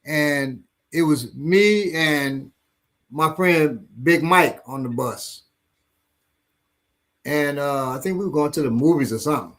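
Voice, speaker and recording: A man's voice: fairly high pitch, takes it slowly. A man telling stories in a casual chat, acting out the voices of people in them. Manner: animated, acts out voices in his stories. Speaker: instructor. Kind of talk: casual storytelling.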